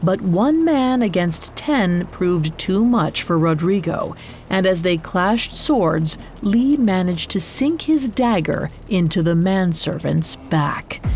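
A woman hosting a podcast, narrating a dramatic story in a measured, scripted way. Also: on the low side, a little mellow, a little hiss or hum.

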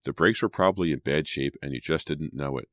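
A man's voice: a bass voice, brisk, a bit bright, dry recording, clean studio sound. A man voicing a sensible, anxious teenage girl in an audiobook, raising his voice into an urgent girlish tone. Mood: arguing.

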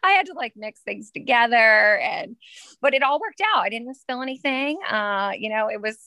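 A woman's voice: fairly high pitch, animated, normal speed, vocal fry, bright, forceful tone, dry recording. A woman in her thirties, a guest on a casual interview, telling a story in a chatty way with frequent ums and laughs. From Maryland, US. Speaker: podcast guest, first grade teacher.

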